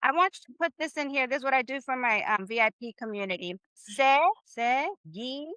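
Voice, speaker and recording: A woman with a high, bright voice leads a live online Spanish class. She is upbeat and encouraging, drawing phrases out slowly for her students to repeat. Her sound is dry and close, as on a video call. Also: lively intonation, clear, resonant tone, dry recording. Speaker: Spanish teacher.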